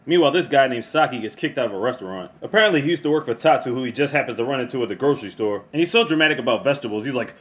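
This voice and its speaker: A man's voice: medium pitch, fairly bright tone. A man giving a casual, chatty review with plenty of swearing. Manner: fast, profane and chatty.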